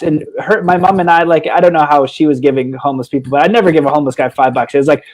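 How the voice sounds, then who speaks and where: A man's voice: a little high, racing, low-quality recording. A man telling a long story as a guest in a casual conversation, rambling through restarts and laughing as he goes. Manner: rambling, with many restarts and "he's like" asides; animated, laughs while telling stories. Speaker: guest on a talk stream.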